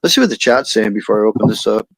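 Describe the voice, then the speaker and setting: A man's voice: on the low side, lively intonation, rapid-fire. A man with an American accent hosting a casual livestream chat, rambling and reading viewer comments aloud. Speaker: livestream host.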